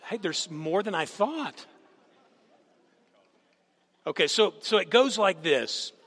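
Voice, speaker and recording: A guest speaker preaches a sermon in a church sanctuary, animatedly telling stories and putting questions to the congregation. His voice is a little high with a fairly bright tone, and the recording carries a long hall reverb.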